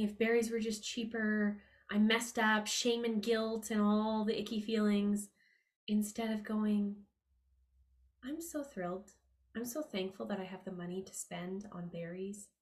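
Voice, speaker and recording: This is a woman hosting a podcast on money mindset, speaking at an ordinary middle pitch. She keeps it casual and upbeat. She talks in a chatty way, with fillers and side remarks. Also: a bit bright. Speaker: podcast host. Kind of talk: casual motivational talk.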